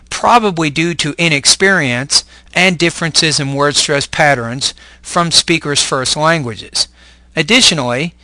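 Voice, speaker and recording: A man teaching English word stress in clear, deliberate scripted narration. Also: fairly high pitch, bright, forceful tone, no echo.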